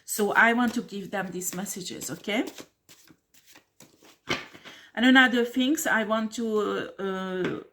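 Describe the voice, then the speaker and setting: She talks a little slowly in a medium-pitched, slightly bright voice, with some noise in the background. A blunt tarot reader addressing the camera in a monologue, she swears, picks fights, laughs with scorn, and keeps asking "do you understand?" and "okay?"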